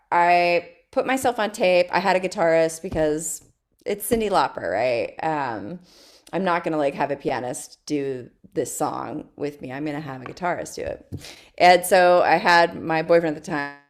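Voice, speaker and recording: Low-voiced woman, chatty and laughing. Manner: animated, laughs often, chatty storytelling. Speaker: guest, stage actress. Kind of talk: casual interview chat.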